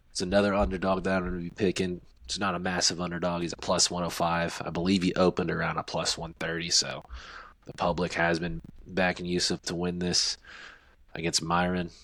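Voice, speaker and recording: Brief: male podcast co-host, very low and even delivery, dry close sound, steady analytical picks. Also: no room sound. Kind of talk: casual fight prediction chat.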